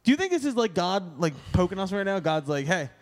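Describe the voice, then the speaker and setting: Podcast co-host: a man with a slightly high voice, animated and swearing, in a room with long reverb. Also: quick pace. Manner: animated, swearing, lots of fillers. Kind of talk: casual chat.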